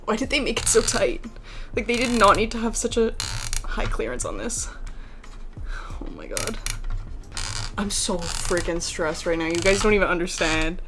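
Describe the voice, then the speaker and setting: A young woman chatting excitedly at home as she unboxes collectible figures, with lots of "like" in her talk. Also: medium pitch, moderate pace, background noise. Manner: excitable and chatty, heavy use of "like". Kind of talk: casual unboxing chat. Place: home room with a PC.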